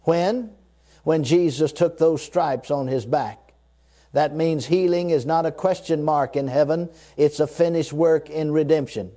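A man's voice: on the high side, a little slow, dark tone. A man preaching a sermon, emphatic and repetitive, leading his listeners to repeat lines after him. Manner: emphatic, repetitive, leads the listeners in spoken confessions.

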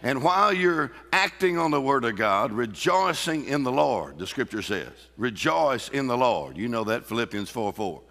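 A man's voice: mid-range voice, very animated, normal speed, gravelly, few pauses, fairly bright tone. A man preaching a sermon in a church, emphatic and laughing often as he calls out to the congregation. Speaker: pastor. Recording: reverberant hall.

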